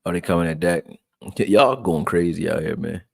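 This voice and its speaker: A man from Texas, raised in Philadelphia, breaking down football film and reading chat on a live stream in a loose, profane, animated way. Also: low voice, brisk, vocal fry, no room sound, clean studio sound. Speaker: sports commentary streamer.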